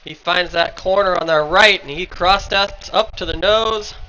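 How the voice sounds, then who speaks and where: A man giving playful, quick play-by-play at a live surf contest. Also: sits high, pushed and bright, low-quality recording. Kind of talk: live sports commentary.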